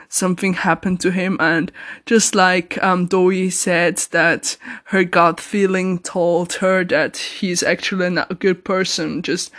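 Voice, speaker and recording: A man's voice: sits high, a bit bright. A man giving a casual spoken review of a drama, earnest and rambling, with many hedges and restarts.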